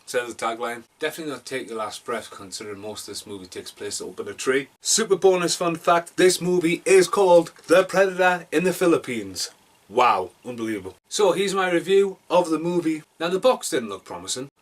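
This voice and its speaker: A man's voice: on the high side, lively intonation, brisk. A man from Britain reviewing a movie casually, rambling and self-deprecating, with jokey asides and mumbled mutters.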